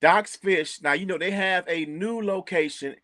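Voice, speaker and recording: A man with a Chicago accent chatting casually as co-host, animated, repeating words and laughing often. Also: high-pitched, measured pace, dry recording, studio quality. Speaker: co-host recommending local restaurants. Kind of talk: casual chat.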